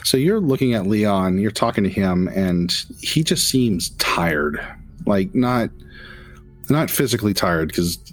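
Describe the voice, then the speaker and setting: A man narrating as game master of a tabletop role-playing game in a relaxed, descriptive way. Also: sits low.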